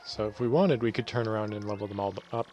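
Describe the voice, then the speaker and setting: A man's voice: lowish voice, fast, highs cut off, faint music behind. A man giving casual, rambling commentary over a video game, often correcting himself as he goes. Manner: relaxed, rambling, self-correcting. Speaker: let's play host.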